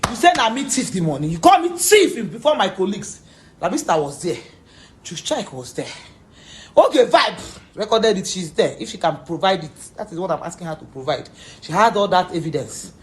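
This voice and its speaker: A woman's voice: fairly low pitch, big pitch swings, fairly quick. A woman with a Nigerian Pidgin accent giving an accusatory, repetitive rant, mixing Pidgin and English. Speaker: actress addressing a former friend. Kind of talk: confrontational video rant.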